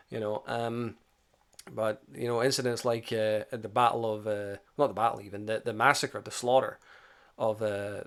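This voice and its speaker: A man hosting a history channel in a casual, unscripted monologue, animated, swearing and full of "you know". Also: mid-range voice.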